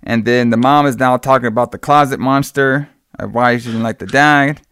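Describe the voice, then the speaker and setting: Easygoing man with a smooth, resonant voice who rambles through a movie recap, full of fillers and swearing. The sound is dry and close. He speaks at a mid pitch. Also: moderate pace, a bit bright, no room sound. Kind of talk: casual movie recap chat.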